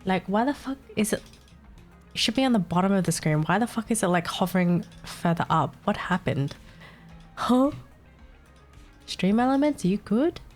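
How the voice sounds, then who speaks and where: A woman's voice: mid-range voice, expressive, moderate pace, pauses often, darkish tone, faint music behind. A young woman streaming live, chatting casually and swearing as she fixes her setup, sounding a little congested.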